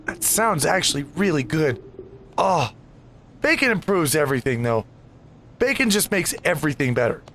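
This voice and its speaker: A man's voice: on the high side, big pitch swings, moderate pace, long pauses, a bit bright, slight background noise. A man hosting a casual let's play, rambling and easily distracted with chatty asides. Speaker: gaming video host.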